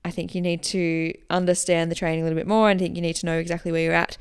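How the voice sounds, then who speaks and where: A woman hosting a podcast, answering listener questions in a relaxed, chatty way that explains as she goes. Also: on the low side, racing, clear, resonant tone. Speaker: running coach and podcast host.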